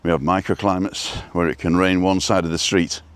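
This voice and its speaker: A man live-streaming as he walks outdoors by the coast, chatty and rambling, a little out of breath from walking briskly. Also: low voice, flat delivery, clear, resonant tone, dry recording. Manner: chatty, rambling, greets viewers by name. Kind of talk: casual walk-and-talk live stream.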